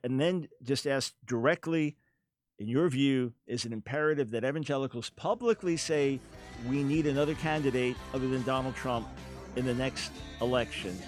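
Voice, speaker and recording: A man hosting a radio talk show, speaking earnestly and quick to jump in with his own points. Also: medium pitch.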